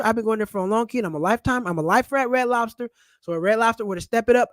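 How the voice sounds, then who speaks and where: Loud joking man ranting to camera. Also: extremely high pitch, rapid-fire, no echo, clean studio sound. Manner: loud, animated, slangy and joking. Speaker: channel host and comedian. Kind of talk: casual personal finance vlog rant. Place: at home, seated in a chair. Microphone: camera mic.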